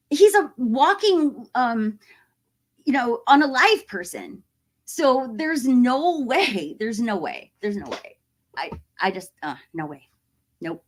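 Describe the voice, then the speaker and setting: A woman in her forties chatting casually to camera as a horror YouTuber, animated and acting out other people's voices as she tells a story. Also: a little high, slow. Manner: animated, acts out quoted voices.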